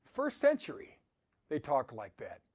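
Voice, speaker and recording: A man with a slightly high, a little mellow voice gives an upbeat motivational talk at a measured pace, his pitch swinging hugely. He exhorts his listeners, laughs often, and quotes scripture.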